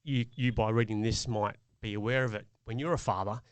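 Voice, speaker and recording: A man's voice: on the low side, steady tone, brisk, smooth, no echo. A middle-aged man, a podcast co-host, telling a personal parenting story in an earnest, reflective way. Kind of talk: casual chat.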